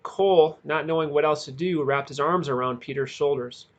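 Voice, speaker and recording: A male audiobook narrator delivers a novel with measured reading, giving weight to its dramatic passages. He keeps a steady storytelling pace, his voice slightly above the usual male pitch. The recording's highs are cut off.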